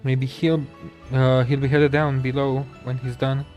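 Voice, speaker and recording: Man doing a worn-out male laborer from a game, casual and offhand, middling pitch, soft music behind. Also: flat delivery, a little slow, natural voice. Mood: tired. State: unwell. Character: weary male dock worker.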